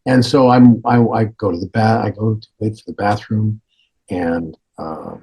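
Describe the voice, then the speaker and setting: A man from Canada tells a long anecdote as a podcast guest, stopping and restarting as he acts out each exchange. His voice sits low and sounds breathy and husky. He leans into the dialogue, switching into the people in the story. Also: a little slow, warm tone. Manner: hesitant restarts, acting out dialogue. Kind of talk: animated anecdote telling on a podcast.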